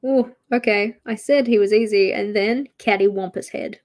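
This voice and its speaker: A woman's voice: medium pitch, steady tone, normal speed, hardly any pauses. An Australian woman hosting a livestream, chatting casually and laughing as she draws and reads out viewer comments. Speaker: livestream host. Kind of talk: casual livestream chat while drawing.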